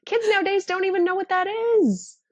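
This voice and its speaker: A woman chatting as a podcast guest, talking in quick joking asides with lots of "like"s. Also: very high-pitched, dry recording. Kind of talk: casual chat.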